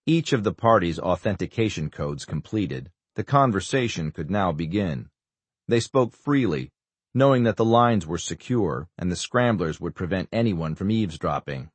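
A man narrating an audiobook thriller in a steady, even storytelling voice. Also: deep voice, moderate pace, slightly rough, no echo. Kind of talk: scripted narration.

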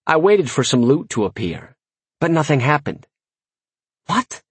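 A man reading a comic first-person audiobook with wry, lively storytelling. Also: a little high, moderate pace, husky, dry recording. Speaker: audiobook narrator.

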